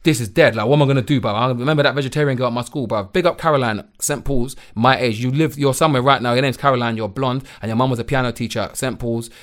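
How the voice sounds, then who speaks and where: A man's voice: medium pitch, fast, few pauses. A young man, chatting animatedly as a podcast guest and using lots of slang. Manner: animated, slangy, repeats "bruv". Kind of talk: casual chat.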